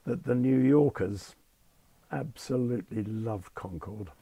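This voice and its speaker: A man's voice: medium pitch, measured pace, creaky, dark tone, breathy edge, no echo, lo-fi sound. An older man, a former airline captain telling anecdotes with dry understatement and acting out the people he quotes. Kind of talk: anecdotal storytelling in conversation.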